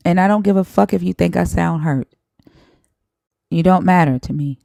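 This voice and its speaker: A woman's voice: fairly low pitch, normal speed, gravelly, warm tone, dry recording, studio quality. A young woman hosting a live stream, arguing bluntly and swearing freely as she confronts guests and commenters. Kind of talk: heated live-stream debate.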